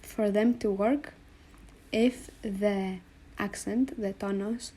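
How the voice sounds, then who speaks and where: A woman's voice: medium pitch, fairly even intonation, dark tone. A woman teaching Greek letter combinations, speaking patiently and repeating each sound for the learner. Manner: slow, patient, spells out sounds and repeats them. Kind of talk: explaining letters on a board.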